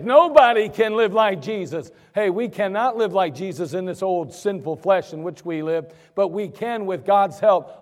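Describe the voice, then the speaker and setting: Delivered in a high, slightly mellow voice, this emphatic pastor's sermon includes him acting out the voices he quotes. It was recorded in a church sanctuary with long reverb.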